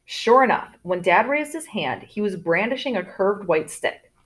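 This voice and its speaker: A woman narrating a storybook in first person with expressive delivery, voicing characters in turn. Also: medium pitch, moderate pace. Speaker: audiobook narrator.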